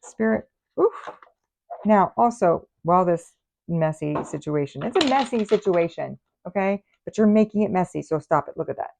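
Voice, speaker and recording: A woman's voice: on the low side, lively intonation, normal speed, creaky, a little mellow, slight background noise. A woman doing a casual tarot reading for her viewers, chatty and playful, teasing them with mock scolding. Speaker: tarot reader.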